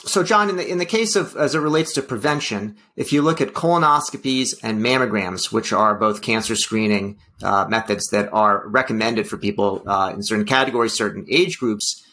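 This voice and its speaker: A man's voice: on the low side, moderate pace, hardly any pauses, pushed and bright. A man co-hosting a health policy talk show, speaking in a wry, hedging way with many fillers. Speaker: podcast co-host. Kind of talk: casual policy discussion.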